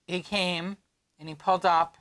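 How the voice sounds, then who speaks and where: A man's voice: high voice, level tone, normal speed, a bit bright. A man co-hosting a casual livestream chat, telling stories and acting out the voices of people in them. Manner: storytelling, acts out quoted voices. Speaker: co-host.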